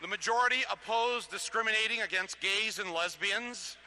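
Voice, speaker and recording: A man with a high-pitched, pushed and bright voice speaks at normal speed, with a faint crowd and slight background noise. He is a touring speaker giving a live political talk with comic asides at a public lecture venue, using an amplified stage microphone, chatty and joking, restarting often and chuckling softly between points.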